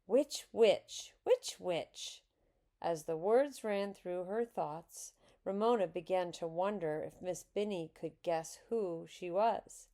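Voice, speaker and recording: A woman reading a children's book aloud in an expressive, unhurried way. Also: fairly low pitch. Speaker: reader.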